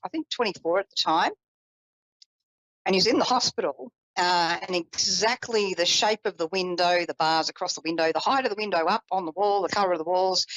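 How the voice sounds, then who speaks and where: A woman psychic telling a personal story in a chatty, animated way, with self-deprecating asides. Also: on the low side, no echo, poor audio. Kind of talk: personal storytelling on a live call-in show.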